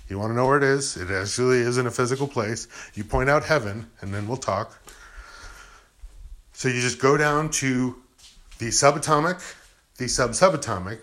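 A man's voice: medium pitch, normal speed, a bit bright. A man in a casual, rambling spiritual monologue, acting out imagined objections and answering them with "you know" and "I'm like".

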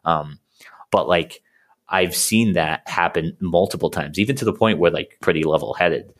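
Deep-voiced guy in his thirties, coaching client, lots of likes and ums, keeps restarting. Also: normal speed. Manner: rambling, many fillers and restarts. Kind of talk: casual conversation.

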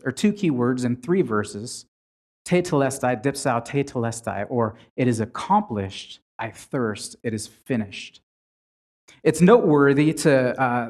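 A man's voice: mid-range voice, darkish tone. A man preaching a sermon in a conversational way, retelling scripture with frequent restarts.

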